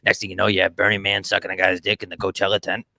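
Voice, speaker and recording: A man co-hosting a comedy podcast, joking quickly and egging on crude bits. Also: low-pitched, monotone, creaky, sharp tone, no echo. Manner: quick, joking, eggs on the riffs. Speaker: podcast co-host.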